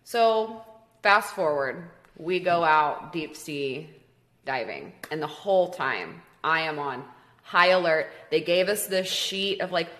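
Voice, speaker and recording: Animated young woman telling a story. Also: low voice, slow. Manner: animated, swears freely, says "like" a lot. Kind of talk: casual chat.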